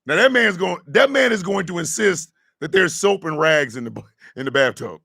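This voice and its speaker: A man hosting a morning radio show, riffing in a loud, slangy comedic way with frequent laughter and shouted outbursts. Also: high-pitched, expressive, moderate pace, gravelly, husky, no room sound, studio quality. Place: radio studio.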